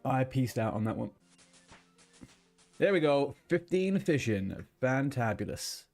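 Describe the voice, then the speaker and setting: A man's voice: medium pitch, big pitch swings, measured pace, darkish tone, faint music behind. A man streaming a game, chatting casually and rambling between tasks, swearing now and then. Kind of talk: casual gaming chat.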